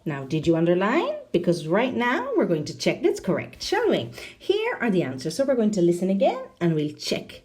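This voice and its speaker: A woman teaching an English lesson, speaking slowly and clearly and asking her learners questions. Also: medium pitch, huge pitch swings, darkish tone. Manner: slow, clear classroom delivery with questions to learners.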